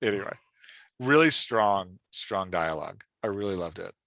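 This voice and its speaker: A man's voice: sits low, lively intonation, moderate pace, vocal fry, a bit bright, no room sound. A man hosting a podcast and giving casual, encouraging feedback on a writer's dialogue, talking loosely with lots of filler words. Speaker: podcast host and writing coach.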